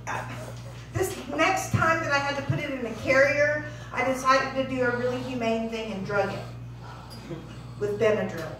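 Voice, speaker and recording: A woman's voice: high-pitched, normal speed, fairly bright tone, far from the mic. A woman doing a stand-up routine on a comedy club stage, telling a story in a dry, self-deprecating way, recorded from afar. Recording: echoey club heard from afar, noisy.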